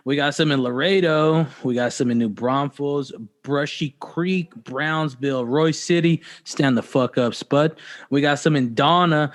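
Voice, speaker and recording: A man's voice: fairly high pitch, unhurried. A man hosting a podcast, chatting casually and joking with loose, profane banter. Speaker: podcast host. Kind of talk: casual chat.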